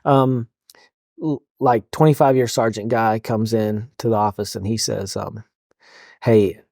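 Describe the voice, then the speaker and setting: A man who counsels police officers, talking casually in a podcast interview, halting, with many fillers and restarts. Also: on the low side, fairly even intonation, gravelly, a little mellow, no echo, clean studio sound.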